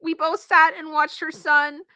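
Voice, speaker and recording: A woman streamer reading a story aloud for the first time and breaking in with animated, exclaiming reactions. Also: sits high, unhurried, dry recording. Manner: animated, exclaiming reactions between read passages.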